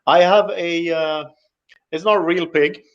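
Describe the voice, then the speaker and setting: A man in his forties with a Swedish accent, a podcast guest in casual chat, halting and full of fillers, quick to laugh. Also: a little high, steady tone. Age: 40s. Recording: muffled lo-fi audio.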